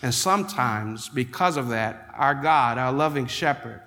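A man preaching a sermon, reading scripture and rising into emphatic, drawn-out declarations. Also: medium pitch, animated, bright, forceful tone. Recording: long hall reverb.

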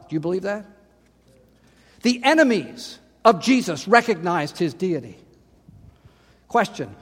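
A man preaching a sermon, dramatic, rising to loud emphatic lines when he quotes scripture. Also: high-pitched. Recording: long hall reverb.

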